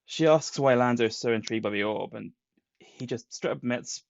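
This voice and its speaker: A man's voice: mid-range voice, a little fast, vocal fry, no room sound. Man retelling a comic, dull lo-fi sound. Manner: retells plots with put-on quotes. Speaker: podcast co-host. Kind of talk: casual chat and comic recap.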